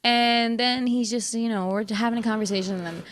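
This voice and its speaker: A woman's voice: on the high side, steady tone, fairly quick, a little hiss or hum. A young woman co-hosting a podcast, telling a story in casual chat, acting out quotes and laughing often. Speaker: podcast co-host.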